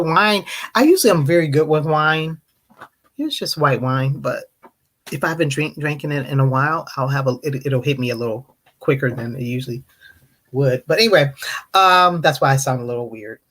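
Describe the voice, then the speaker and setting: An American host of a live online discussion panel, a little tipsy from wine, chats casually with viewers, greeting them and answering their questions. Her voice is mid-range and her pace moderate. She tells animated stories, mimicking other people's rude questions in mocking voices.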